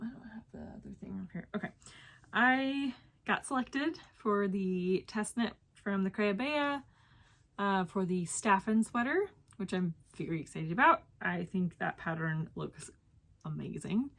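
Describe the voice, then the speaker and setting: A woman's voice: mid-range voice, a bit bright. A young woman, chatting casually as the host of her own knitting show and filling her talk with ums and restarts. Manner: chatty, lots of fillers and self-corrections. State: slightly out of breath. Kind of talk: casual chat to camera.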